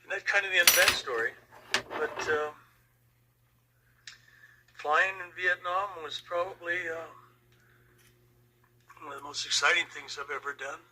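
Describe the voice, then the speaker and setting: An older man and Vietnam veteran, telling a personal story slowly and with emotion. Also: on the high side, fairly even intonation, bright, forceful tone, slight background noise, poor audio. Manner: slow, emotional, reflective.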